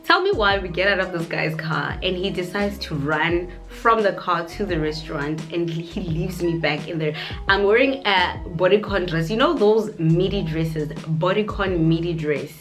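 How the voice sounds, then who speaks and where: A young South African woman with a South African accent, telling a story in an animated, chatty way. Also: fairly low pitch, normal speed. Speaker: YouTuber. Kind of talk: casual storytime. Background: faint background music.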